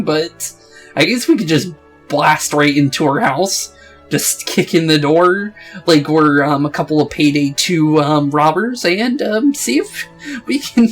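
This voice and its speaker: A man giving relaxed commentary over a game playthrough. He rambles and jokes, with a lot of filler words. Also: on the high side. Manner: rambling, joking, many fillers. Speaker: let's play host.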